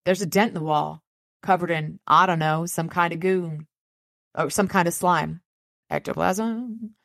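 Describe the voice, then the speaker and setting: A woman's voice: lowish voice, unhurried, gravelly, a bit bright, dry recording, studio quality. A woman voicing a shaken male police officer who asks urgent, clipped questions, read as part of a book chapter. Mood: tense.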